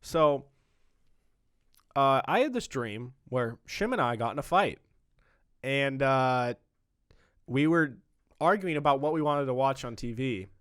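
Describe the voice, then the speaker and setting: A young man hosting a podcast in casual chat, relaxed and swearing freely as he tells stories. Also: medium pitch, unhurried, pauses often, clean tone, dry recording, studio quality. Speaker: podcast host.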